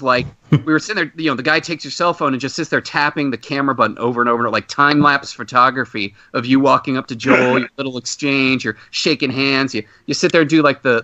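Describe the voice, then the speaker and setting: A man on a podcast tells a rambling anecdote, bursting into loud acted-out shouts now and then. His voice is bright and tense. The recording is dry and close, with a slightly dull, muffled tone. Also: mid-range voice, no room sound. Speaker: podcast host. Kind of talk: casual storytelling.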